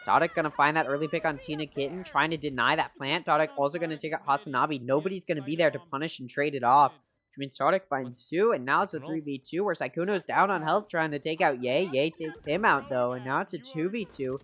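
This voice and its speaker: A man giving steady, explanatory play-by-play commentary on a competitive video game match. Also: on the high side, quick pace. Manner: steady explanatory play-by-play, rises for big plays. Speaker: esports caster.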